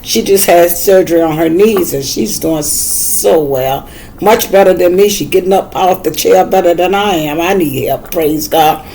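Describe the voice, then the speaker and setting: A woman's voice: fairly low pitch, normal speed, mellow, a little hiss or hum, poor audio. Older Southern woman, chatty craft tutor. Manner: chatty, folksy, repeats herself while working. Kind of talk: casual how-to demonstration.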